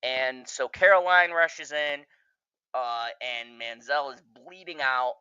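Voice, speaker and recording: A man's voice: medium pitch, takes it slowly, sharp tone, clear, resonant tone, no room sound, highs cut off. A man giving a casual, profane spoiler review of a TV show, laughing often as he talks.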